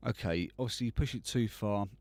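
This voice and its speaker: A man's voice: lowish voice, fairly quick, over loud music. A man hosting a live, unscripted tutorial, thinking aloud as he works, with frequent restarts and fillers. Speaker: host demonstrating mastering software.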